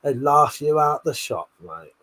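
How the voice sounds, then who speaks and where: A British man hosts a live stream, reading viewer comments aloud and teasing the chat, laughing often and swearing, a little tipsy. His voice is fairly high with a sharp tone and lively intonation, and he doesn't hurry.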